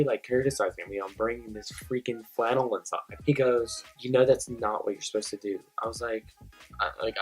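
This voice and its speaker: A man's voice: medium pitch, slightly rough, low-quality recording. Chatty young man telling a story. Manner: animated storytelling, heavy "like" filler. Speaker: vlogger. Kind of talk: casual storytime.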